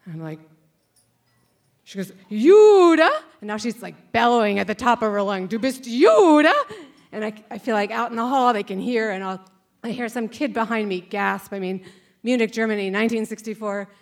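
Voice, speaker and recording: A woman's voice: medium pitch, steady tone, fairly quick, gravelly. A woman in her sixties telling a wry personal story on a stage before a live audience, acting out the voices of the people in it. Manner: conversational, wry, acts out voices.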